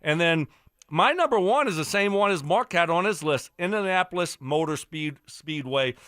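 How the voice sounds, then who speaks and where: A man's voice: on the high side, animated, normal speed, a bit bright, smooth, no echo, clean studio sound. Fired-up man ranting on sports radio. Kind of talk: heated sports radio debate.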